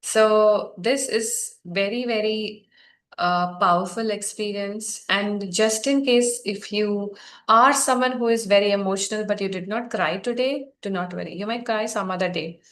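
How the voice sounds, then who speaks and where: A woman facilitating a guided healing session, speaking softly, gently and encouragingly to her group. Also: medium pitch, a little slow.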